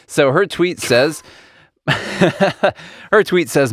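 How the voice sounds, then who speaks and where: A male podcast co-host in relaxed political chat who laughs easily and reads news stories aloud to his friends. His voice sits at a middle pitch. The recording is close and dry, with no room sound. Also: slow pace, long pauses, no echo.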